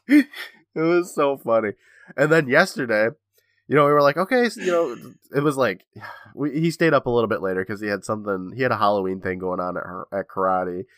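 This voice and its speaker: A man's voice: mid-range voice, normal speed, pauses often, fairly bright tone, dry recording, studio quality. A man co-hosting a casual podcast, getting over a cold, laughing a lot and swearing freely as he tells stories. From United States. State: recovering from a cold. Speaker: podcast co-host. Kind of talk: casual chat.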